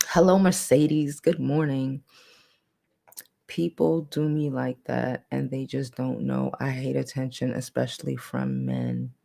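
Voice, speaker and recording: A woman with a deep, low voice chats casually to her livestream viewers. She talks bluntly, swears freely and reads their comments aloud in a softened tone. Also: animated, slow, creaky, long pauses. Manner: putting on a lower, softer new voice. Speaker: livestream host.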